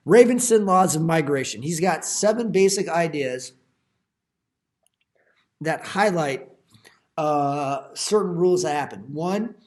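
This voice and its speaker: A man who teaches high school, giving a recorded lecture over slides with jokey, folksy asides to his students. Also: expressive, slow pace, pauses often, darkish tone. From Iowa.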